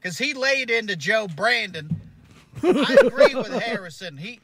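A man's voice: sits high, sing-song, a little slow, very noisy. A male comedian playing a smug, ranting male Catholic conservative in a sarcastic parody monologue. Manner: sarcastic, mocking rant with chuckles.

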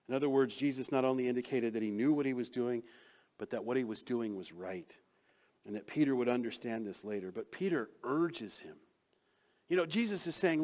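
A man preaching a sermon as pastor, acting out quoted lines with sudden swings from loud to soft. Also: on the high side, fairly quick.

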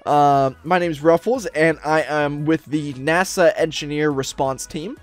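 A man's voice: on the high side, animated, normal speed, soft background music. A man narrating a roleplay game for viewers, upbeat and chatty, with many fillers. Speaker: Roblox roleplay YouTuber. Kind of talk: excited gameplay narration.

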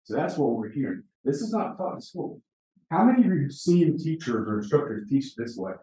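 A man's voice: medium pitch, big pitch swings, a little fast, dark tone. Roomy, far-off man teaching a class. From Native American, Apache. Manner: conversational, asks the room questions, tells stories. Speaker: presenter training teachers. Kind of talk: conference presentation to an audience. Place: conference session room. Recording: echoey room, mic far off.

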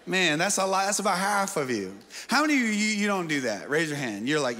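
A man's voice: sits high, very animated, normal speed, hardly any pauses, sharp tone. A male pastor giving a sermon, joking and quizzing his congregation in a playful way. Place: large church auditorium. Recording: long church-hall reverb.

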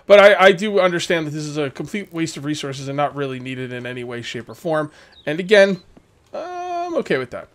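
A man with a slightly high voice runs casual let's play commentary from a home setup, talking through each move on a desk mic. He rambles to himself, laughs at the game and mock-scolds the characters in his way. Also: sing-song, fairly quick. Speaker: gaming channel host.

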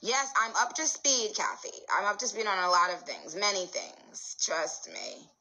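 A woman's voice: medium pitch, lively intonation, moderate pace, bright, forceful tone. A woman hosting a livestream, chatting casually and playfully with her viewers. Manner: playful, chatty, bursts of laughter. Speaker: livestream host.

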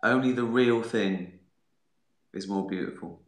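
A middle-aged man with a fairly low voice hosts a casual live stream from his phone, taking his time. He answers viewer questions in a rambling, hesitant way, tossing in dry jokes, and the room sounds roomy and echoey.

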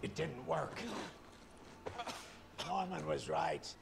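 Gravelly whispery film villain, slow and menacing, loud noisy movie audio. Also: male voice, a little high, sing-song, exaggerated voice. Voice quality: gravelly, hushed. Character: menacing male villain, cold and gloating.

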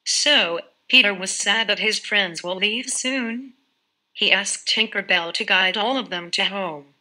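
A woman narrating a children's fairy tale in a steady, clear storytelling read. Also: mid-range voice, a little slow, poor audio.

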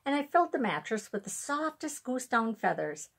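Woman as a proud traveling peddler in a storybook, coaxing and boastful, a little breathy. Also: a little high, very animated, normal speed, a bit bright, pitched above the performer's own voice, full character voice.

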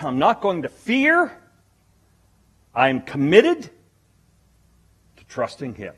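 A male preacher delivering a sermon at a slow, deliberate pace. His voice is husky and his pitch swings widely as he tells stories and drives home his points. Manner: animated storytelling preaching.

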